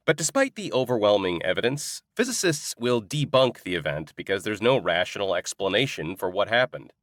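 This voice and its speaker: Low, lively wry male audiobook narrator. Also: dry recording, clean studio sound. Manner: wry, sardonic comic storytelling. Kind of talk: scripted first-person audiobook narration.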